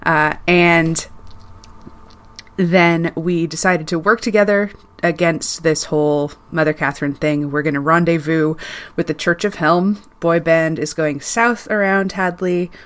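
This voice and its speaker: Casting: woman player, relaxed chatty delivery, somewhat low voice. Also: a little slow. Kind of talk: casual tabletop play.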